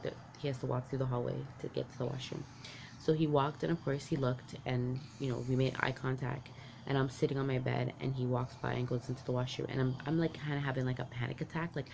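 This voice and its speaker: Woman telling a candid story, gravelly. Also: a bass voice, darkish tone, a little hiss or hum. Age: adult parent. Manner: candid, rambling, heavy use of "like" and restarts. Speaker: vlogger. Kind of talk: personal confessional storytelling.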